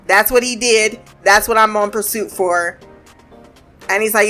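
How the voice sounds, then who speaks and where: A woman's voice: medium pitch, a little slow, pushed and bright, faint music behind. A woman giving a casual recap of a TV episode. She swears freely, acts out the characters' lines, and laughs often as she retells it.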